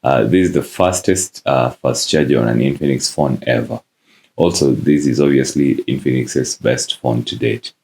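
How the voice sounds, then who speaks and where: A tech reviewer with a very deep, gravelly voice talks through an unboxing in a relaxed, casual way, frequently pausing on "uh."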